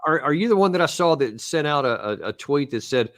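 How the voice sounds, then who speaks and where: A man's voice: on the high side, lively intonation, brisk, dry recording. Conversational male host, dry sound. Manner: conversational, probing, chuckles. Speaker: podcast host. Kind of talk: interview questions and commentary.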